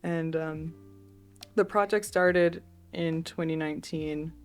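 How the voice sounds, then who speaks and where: A young woman artist, a podcast guest, telling stories in a chatty, relaxed way with many fillers. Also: low-pitched, slow pace, soft background music. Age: young adult. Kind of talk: casual interview storytelling.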